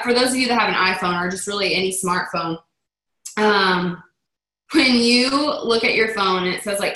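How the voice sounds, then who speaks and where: A woman's voice: mid-range voice, bright, forceful tone, reverberant, rough recording. A woman leading a motivational team call in a chatty manner, acting out the voices she quotes. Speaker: network marketing team leader.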